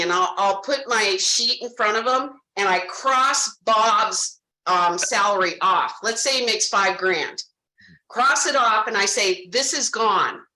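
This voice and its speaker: A woman with a mid-range, pushed and bright voice trains insurance salespeople, addressing her audience animatedly and directly while acting out conversations with clients. It's a sales training talk with role-played client dialogue, captured in a roomy, low-quality recording.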